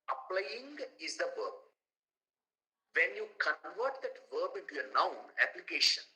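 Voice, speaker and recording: Indian english guy lecturing a class, middle aged, really bright sharp voice, lots of uh and rhetorical questions. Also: high voice, poor audio. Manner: animated, rhetorical asides, fillers and repeated words. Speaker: guest lecturer.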